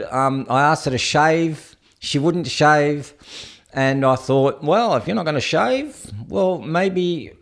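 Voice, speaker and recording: An Australian man hosting a casual livestream, talking in a blunt, crude, rambling way with lots of fillers. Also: medium pitch. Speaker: streamer host.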